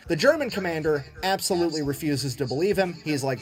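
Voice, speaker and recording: A man's voice: fairly high pitch, fast talker, few pauses. A man telling a war history story in a comedic, sarcastic way, cussing freely and talking with lots of energy. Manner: profane, sarcastic, animated.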